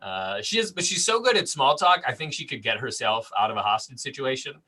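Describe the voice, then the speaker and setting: A man's voice: medium pitch, animated, brisk, sharp tone, rough recording. A man in his late twenties doing a dry, self-deprecating stand-up set over a video call. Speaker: stand-up comedian.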